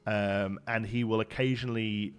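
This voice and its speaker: A man in his thirties with a Brummie accent, chatting casually on a live game stream. He rambles and restarts his sentences, in a voice that sits low for a man, while soft music plays faintly underneath. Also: fairly even intonation, moderate pace, smooth. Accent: Birmingham (Brummie). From Birmingham, England. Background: faint background music.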